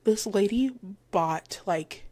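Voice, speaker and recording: A woman's voice: medium pitch, takes it slowly. A woman in her twenties hosting her own podcast, casually retelling stories and acting out the people in them. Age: 20s. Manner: chatty, retells stories with lively quoted voices. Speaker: podcast host. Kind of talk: casual solo podcast chat. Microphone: headphones with mic.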